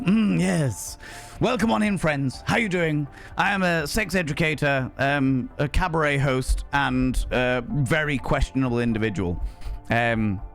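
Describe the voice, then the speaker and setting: A man's voice: medium pitch, vocal fry. A man hosting a live stream in a camp, theatrical way, full of grand flourishes. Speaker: streamer and cabaret host. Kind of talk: flamboyant live-stream chat.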